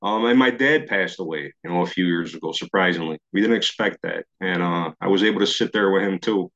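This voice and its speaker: A man's voice: low voice, brisk, a bit bright. A middle-aged man from New York shares his recovery story over a video call. He acts out his old thoughts and chuckles at himself as he goes. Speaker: recovery meeting speaker. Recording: slightly dull video-call audio.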